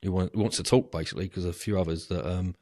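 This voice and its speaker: A middle-aged man hosts a relaxed podcast chat over a video call. His voice sits very low, and he rambles with plenty of ums and restarts. The sound is dry and close, with no room echo. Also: fast talker. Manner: chatty, rambling, with frequent fillers and laughs. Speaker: podcast host. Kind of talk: casual interview wrap-up chat.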